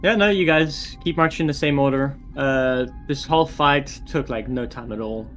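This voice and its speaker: A man's voice: mid-range voice, moderate pace, fairly bright tone, faint music behind. A man narrating as dungeon master in a tabletop game, talking with many restarts and fillers.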